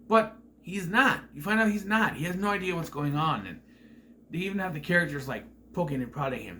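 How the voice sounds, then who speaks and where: A man's voice: mid-range voice, pushed and bright, a little hiss or hum. A man giving a casual spoken movie review, exasperated and swearing often. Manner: exasperated, profane ranting.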